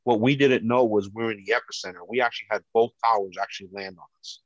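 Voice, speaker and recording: A man with a big, loud voice, a police officer giving personal testimony. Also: lowish voice, steady tone, fast, no echo. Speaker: police officer telling his story. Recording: dull, dry lo-fi recording.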